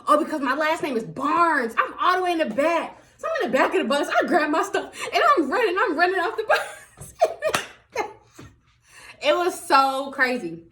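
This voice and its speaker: A young woman tells a story straight to her viewers in a chatty vlog, high-pitched and swinging all over her range. She laughs often and keeps calling them y'all. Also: lively intonation, moderate pace, bright, forceful tone, slight background noise. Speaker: vlogger.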